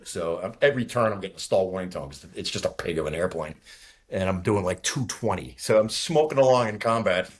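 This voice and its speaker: Older guy from near boston, really low husky voice, swears a lot, rambly storyteller. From from near Boston, USA. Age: 60s. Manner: rambling, profane, talks fast when nervous. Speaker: guest, retired fighter pilot. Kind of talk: casual war story telling.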